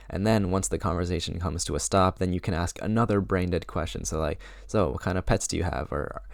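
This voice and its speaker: Young man, around eighteen, deep voice, casual advice vlog, filler-heavy, dry recording. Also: vocal fry, no room sound. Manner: casual, filler-heavy, acts out sample lines. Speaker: vlogger giving social advice. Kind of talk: casual advice talk to camera.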